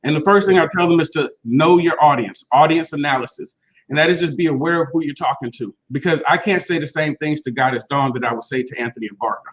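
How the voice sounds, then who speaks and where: Male educator, fairly high voice, lively storyteller, muffled lo-fi recording. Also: quick pace. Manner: animated, slips into quoted voices of students. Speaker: teacher and speech coach. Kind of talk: casual podcast chat.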